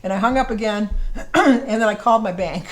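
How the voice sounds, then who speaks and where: A woman's voice: mid-range voice, brisk. An older woman vlogger telling a rambling, exasperated story in a casual chat to camera. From United States. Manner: chatty, exasperated, rambling with restarts.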